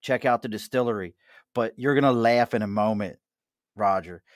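A man's voice: fairly low pitch, moderate pace, no room sound, studio quality. A middle-aged man with a Mid-Atlantic accent, hosting a casual chat at a bar, jokey and chatty with frequent laughs. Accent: Mid-Atlantic American. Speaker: host.

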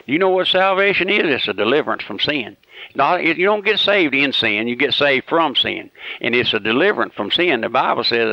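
A middle-aged man preaches on the radio in a folksy, fervent way, leaning on pleading questions. His voice has a gravelly edge. The recording sounds dry and dull, like an old lo-fi broadcast. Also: mid-range voice, dry recording. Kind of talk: radio sermon.

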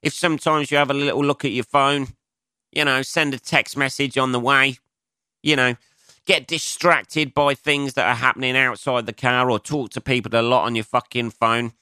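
A young adult man doing a casual solo podcast monologue as a comedian, swearing a lot, mocking himself and answering his own asides in a higher voice. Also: fairly even intonation, normal speed, bright, forceful tone, smooth, dry recording, studio quality.

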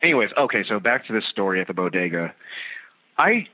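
A man's voice: fairly low pitch, very animated, fast talker. A man hosting a radio talk show, telling a story in a sarcastic, ranting comedic monologue. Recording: tinny phone-like radio line.

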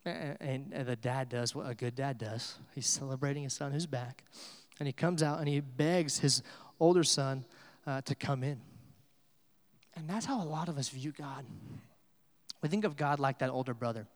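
A man's voice: medium pitch, normal speed. Impassioned preacher man, echoing church. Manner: builds from quiet to loud emphatic preaching. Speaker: pastor. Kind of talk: sermon.

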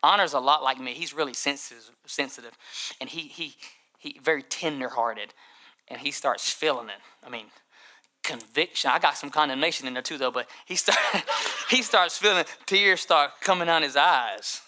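A male pastor preaching a sermon, telling a humorous story in an animated way and often repeating words. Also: fairly high pitch, moderate pace.

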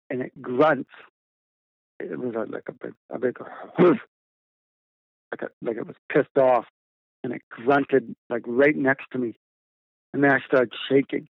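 Guy rambling through a story on a call, sounds like a phone line, no room echo. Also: medium pitch. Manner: rambling, repeats words, many fillers. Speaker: guest, documentary filmmaker. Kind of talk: casual storytelling. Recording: tinny phone line, dry.

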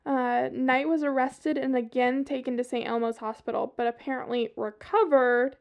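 High-voiced Southern woman telling crime stories. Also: fairly even intonation, normal speed, muffled recording. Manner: profane, chatty asides. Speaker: podcast host. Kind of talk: casual true-crime storytelling.

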